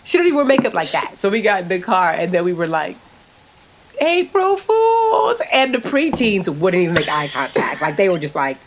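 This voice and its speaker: A woman co-hosting a podcast, telling a family story in a lively, laughing way. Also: lowish voice, quick pace, few pauses, a little hiss or hum. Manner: animated storyteller, laughs often. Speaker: podcast co-host. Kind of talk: casual storytelling chat.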